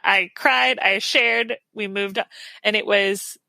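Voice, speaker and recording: A woman with a bright, clear voice speaks as a podcast guest. She is earnest and reflective and often laughs softly, recorded on a dry, close mic. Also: medium pitch, steady tone, slow, no room sound. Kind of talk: casual interview chat.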